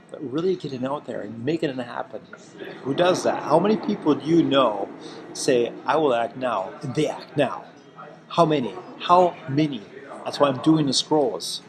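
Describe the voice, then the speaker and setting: A man's voice: medium pitch, vocal fry, noisy background. A man talking earnestly and emphatically in a personal self-help vlog, repeating himself for emphasis. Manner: heartfelt, emphatic and repetitive.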